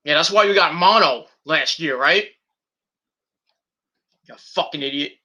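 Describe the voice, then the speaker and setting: A man's voice: fairly high pitch, unhurried, bright, forceful tone. A man hosting a podcast in a casual, rambling monologue, blunt and profane, full of fillers, talking from home at night. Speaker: podcast host.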